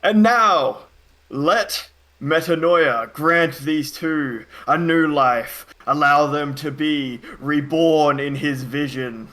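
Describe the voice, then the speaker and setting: A man voicing a male cult speaker who proclaims loudly and grandly during a tabletop game. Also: a little high, slow pace, pitched above the performer's own voice. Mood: proclaiming.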